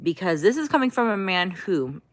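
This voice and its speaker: A woman's voice: medium pitch, sing-song, moderate pace. A woman chatting casually on a livestream, venting in an exasperated way and talking back to her chat.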